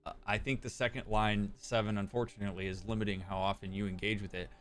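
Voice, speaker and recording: A man's voice: fairly low pitch, level tone, fast talker, a bit bright, faint music behind. A man, a therapist chatting casually on a live stream, reading out chat messages and joking with viewers. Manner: joking, reads chat messages aloud and replies.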